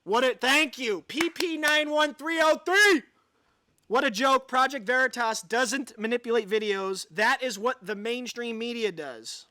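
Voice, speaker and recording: A man's voice: extremely high pitch, a little slow, pushed and bright, no room sound. A man hosting a livestream, ranting sarcastically and reading an article aloud with sighs of exasperation. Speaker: livestream host.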